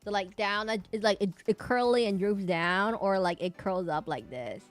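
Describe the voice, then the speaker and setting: A woman's voice: medium pitch, normal speed, faint music behind. A woman streamer chatting casually with her viewers while drawing, giggly and rambling. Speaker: livestreamer.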